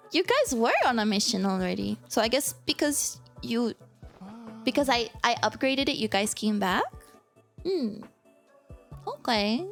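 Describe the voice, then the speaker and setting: Woman streamer chatting over a game, high voice, unhurried, voice kinda worn out, gets super excitable. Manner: excitable and apologetic, prone to loud squeals. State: strained, tired voice. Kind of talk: casual gameplay chat with viewers.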